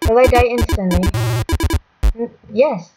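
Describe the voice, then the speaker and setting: A woman's voice: a little high, a little slow, rough recording. A woman commenting on her own gameplay, muttering to herself and mocking herself, with sudden exclamations. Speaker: gaming channel host. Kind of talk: let's-play gameplay commentary. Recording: loud electronic game music behind.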